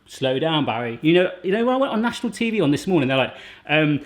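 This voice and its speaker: A man's voice: a little high, sing-song, fast. A man hosting a casual cooking demonstration in a home kitchen, chatty and jokey, with rambling asides. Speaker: cooking channel host.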